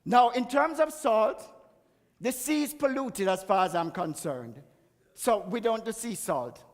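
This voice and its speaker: A man's voice: sits high, animated, a little slow. A man giving a chatty, emphatic health talk at a church and laughing at himself now and then. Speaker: guest speaker on health. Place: church hall. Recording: echoey church hall.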